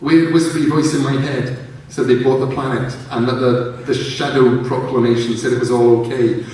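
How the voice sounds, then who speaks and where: A man's voice: mid-range voice, fairly even intonation, moderate pace, a little mellow, natural voice. A man voicing a bold, impatient young woman, talking urgently and insistently, read live in a large theatre and heard from far off in an echoey hall.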